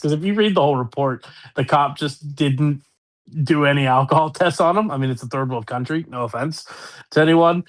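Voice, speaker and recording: Rambling, laughing Pittsburgh sports podcaster. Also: male voice, a little high, brisk. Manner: rambling, laughing, profane banter. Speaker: podcast co-host. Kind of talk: casual sports chat.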